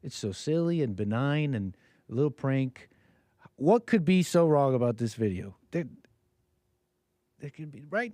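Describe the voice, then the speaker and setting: A man's voice: mid-range voice, lively intonation, a little slow, pauses often, dark tone, dry recording. A man streaming reaction commentary, joking and mimicking the voices in the clip. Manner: jokey, mocking, mimics voices.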